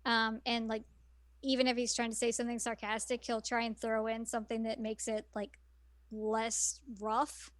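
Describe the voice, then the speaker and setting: High-voiced woman chatting casually. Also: monotone, normal speed, no echo. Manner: rambling, many fillers and restarts. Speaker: podcast co-host. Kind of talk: casual anime discussion.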